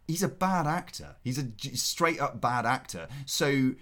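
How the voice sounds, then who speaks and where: A man's voice: medium pitch, expressive, measured pace, bright, forceful tone. A man hosting a film review show, giving blunt opinions in casual chat with his co-host.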